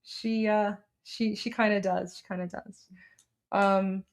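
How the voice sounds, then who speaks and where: A woman's voice: mid-range voice, little pitch movement, takes it slowly. A woman co-hosting a live stream, chatting casually and bluntly as she reads out viewer messages, with plenty of "like" and "um".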